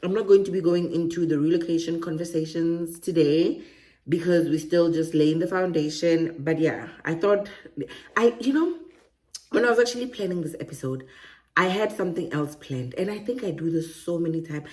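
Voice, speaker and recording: A woman's voice: on the low side, moderate pace, a little mellow. A woman vlogging about relocating, chatty and digressive, often laughing at her own asides. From South Africa. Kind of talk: casual to-camera monologue.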